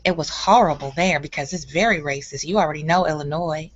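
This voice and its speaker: A woman's voice: low-pitched, a little fast, lo-fi sound. A woman hosting a casual chat who speaks frankly and repeats words for emphasis. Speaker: host.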